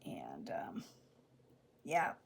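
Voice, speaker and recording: Lady chatting while she crafts, rambly, lots of restarts, slips into whispery little asides. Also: very slow. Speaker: crafting vlogger. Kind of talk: casual chat while crafting.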